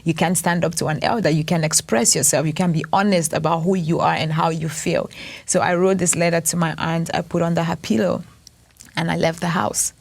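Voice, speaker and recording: A woman in her thirties tells her life story as an interview guest, in a slightly low voice. She speaks earnestly and reflectively, taking her time between thoughts. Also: fairly even intonation, a little fast, creaky. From Cameroon. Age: 30s. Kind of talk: personal testimony.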